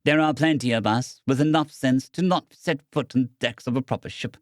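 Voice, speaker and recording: A man's voice: mid-range voice, normal speed, dry recording, studio quality, lightly acted. A man voicing a snappish aging mother. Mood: teasing. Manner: snaps out curt, teasing remarks. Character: aging sharp-tongued mother, snappish but proud.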